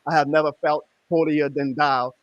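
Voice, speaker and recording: Emphatic high-voiced man ranting on sports. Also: little pitch movement, normal speed, dry recording, highs cut off. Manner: emphatic, sarcastic, swings between loud outbursts and low muttering. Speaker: sports show host. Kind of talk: ranting sports talk stream.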